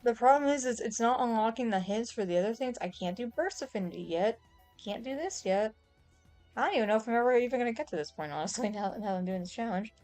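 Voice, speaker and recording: A woman's voice: a little high, expressive, fast, a little mellow, faint music behind. Streamer woman thinking aloud mid-game. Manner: thinking aloud, listing what she can't do yet. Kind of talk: casual gameplay commentary.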